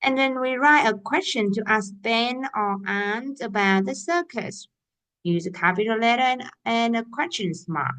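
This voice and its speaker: A woman's voice: a little high, moderate pace, a bit bright. A woman English teacher walking young learners through a workbook, patiently naming each step and punctuation mark.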